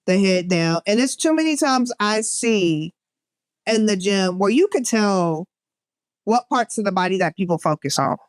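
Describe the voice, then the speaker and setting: A woman co-hosts a casual podcast chat. She speaks slowly, with a smooth, clear voice, close and dry. She tells stories in an animated way. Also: mid-range voice, no echo. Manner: animated storyteller, mimics gym noises. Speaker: podcast co-host.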